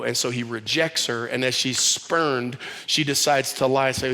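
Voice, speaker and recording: A man preaching a sermon as pastor, telling stories in an animated, conversational way with casual slang. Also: medium pitch, moderate pace, hardly any pauses. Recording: long hall reverb.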